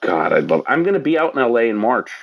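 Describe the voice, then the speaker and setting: A man's voice: mid-range voice, sing-song, quick pace, gravelly. A man hosting a podcast in casual chat, teasing his guest and laughing often. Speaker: podcast host.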